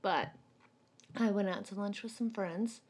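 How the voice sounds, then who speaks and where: A woman's voice: mid-range voice, measured pace, a little mellow, breathy edge. Sarcastic female podcast co-host. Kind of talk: casual podcast banter.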